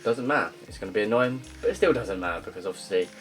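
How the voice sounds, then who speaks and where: Young male gaming YouTuber, deep voice, rambling casual commentary, faint guitar music behind. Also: expressive, rapid-fire. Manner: rambling, many ums and uhs, loud upbeat greetings.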